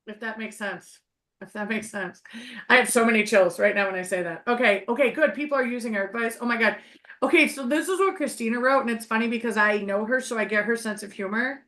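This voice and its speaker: A woman hosting a casual live stream as a psychic medium, bubbly and excitable, laughing often. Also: on the high side, fast talker.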